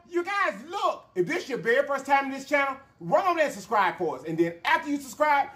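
A man hosting a mukbang vlog, talking casually and excitedly to his viewers. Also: high-pitched. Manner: animated, excitable, calls out to viewers. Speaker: mukbang channel host.

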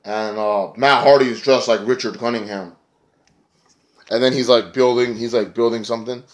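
A man at an ordinary mid pitch rambles through a casual wrestling review, swearing freely and padding his talk with filler words. He sounds sick and snotty as he goes. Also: steady tone, moderate pace. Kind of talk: casual spoken review vlog.

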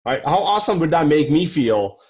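A man's voice: on the high side, very animated, brisk, a little mellow, muffled recording. A man hosting a podcast interview, chatting casually and enthusiastically summing up his guest's points. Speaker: podcast host.

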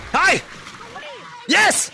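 A man live-streaming a VR game, shouting greetings and cheering his players on with lots of laughter, into a headset mic. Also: very high voice, gravelly, a little hiss or hum. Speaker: gaming streamer. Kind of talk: excited live-stream chat while playing.

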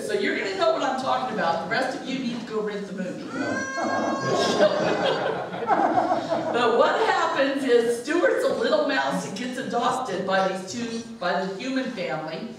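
Woman pastor, sermon, humorous storytelling, lively pitch, echoey, distant. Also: slight background noise. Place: church sanctuary.

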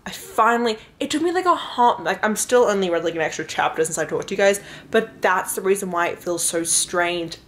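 A young woman vlogging casual book reviews in a chatty, animated way, full of fillers and laughs. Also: mid-range voice, brisk, few pauses, reverberant.

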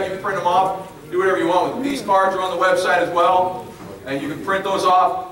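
Guy giving a pumped up public speech, kinda high voice, repeats himself a lot, echoey far off hall recording. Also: fairly bright tone. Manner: emphatic, repeats phrases. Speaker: speaker at a public meeting.

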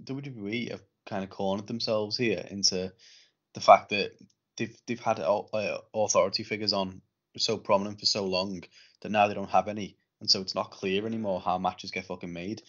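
A man's voice: lowish voice, fairly even intonation, moderate pace, a bit bright. A man co-hosting a podcast, chatting casually and swearing a lot in an exasperated way. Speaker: podcast co-host. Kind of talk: casual wrestling chat. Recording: dull lo-fi podcast audio.

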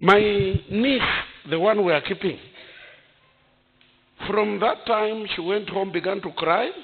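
A man, preaching a sermon as pastor, breaking into shouted bursts and chuckles. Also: high voice, takes it slowly, husky, phone-quality sound. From Zambia.

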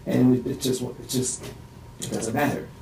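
A distressed man in a police interview room rambles through a halting statement, full of restarts, his voice rising and strained. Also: mid-range voice, steady tone, gravelly, a little mellow. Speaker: suspect being questioned. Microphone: distant room microphone. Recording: echoey room, distant mic, faint hiss.

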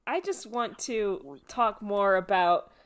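A woman's voice: mid-range voice, animated, slow pace. A woman co-hosting a podcast, recapping cartoon scenes in casual chat and laughing often. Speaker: podcast co-host.

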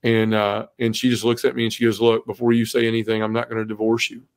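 A man's voice: lowish voice, little pitch movement, fast talker, smooth. A middle-aged man, a podcast guest, earnestly recounting his personal conversion story in conversation, often adding "you know" asides.

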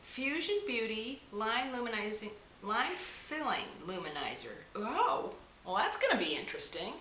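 A woman's voice: a little high, very animated, moderate pace, pushed and bright. A woman vlogger gushing over a box of gifts, gasping and exclaiming with delight as she unwraps each item. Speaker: beauty vlogger. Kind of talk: excited unboxing chat. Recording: echoey room with clear background noise.

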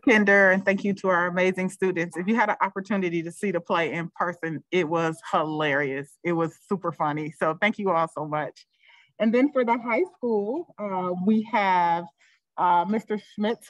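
A woman's voice: mid-range voice, moderate pace, no room sound. Dry-sounding woman at a virtual meeting. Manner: warm, appreciative, with frequent fillers. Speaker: school district administrator presenting. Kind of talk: virtual board meeting remarks.

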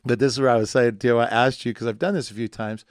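A man's voice: medium pitch, steady tone, fast talker, no echo, clean studio sound. A pastor talking in a rambling, joking way on a conversation podcast, acting out the people he quotes. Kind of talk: casual conversation. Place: studio.

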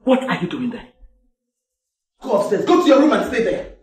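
An actress with a Nigerian accent playing a domineering, controlling mother who barks orders and shouts. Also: medium pitch, big pitch swings, normal speed, lightly acted. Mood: commanding. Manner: commanding, shouting.

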